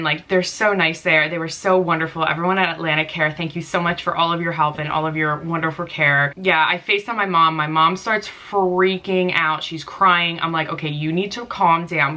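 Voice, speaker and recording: A young woman vlogger telling a story in a casual, chatty way, full of "like" and quick laughs. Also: fairly low pitch, pushed and bright. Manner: chatty, frequent "like", laughs easily. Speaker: beauty vlogger.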